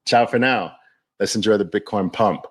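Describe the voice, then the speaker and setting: A man's voice: on the low side, moderate pace. A middle-aged man with a New York accent hosting a casual livestream, emphatic and motivational, repeating his key phrases. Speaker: livestream host.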